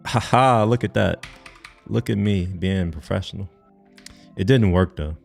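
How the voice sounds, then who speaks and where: A young man with a deep, low voice talks loosely into a desk mic, rambling, joking and swearing off-handedly. Faint music plays behind him as he chats on a live stream. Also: unhurried, vocal fry, darkish tone. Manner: rambling, jokey, swears casually. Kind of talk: casual live stream chat.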